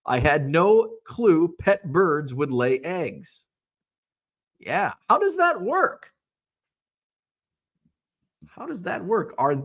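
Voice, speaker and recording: A man's voice: on the high side, a bit bright. A man from Illinois hosting a casual live-stream, reading viewer comments aloud and answering with wry asides. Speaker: host of a sports card hobby show.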